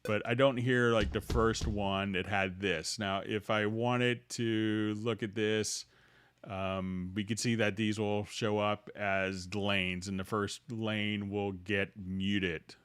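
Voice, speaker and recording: A man hosting a livestream, walking viewers through music software and answering their questions in a loose, halting way with many restarts. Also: fairly low pitch, level tone, clean tone, no echo. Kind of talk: casual screen-share tutorial, answering viewer questions.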